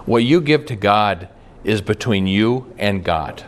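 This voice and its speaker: A man's voice: fairly low pitch, measured pace. A man preaching a sermon as pastor, folksy and storytelling, with homespun jokes and some stumbling restarts. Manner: folksy, tells jokes and stories, frequent restarts.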